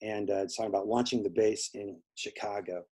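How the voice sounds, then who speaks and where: Brisk and husky, with a dark, fairly low voice and fairly even intonation, the Indiana interview guest tells a long story in casual talk. He wanders with many fillers and acts out the people he quotes.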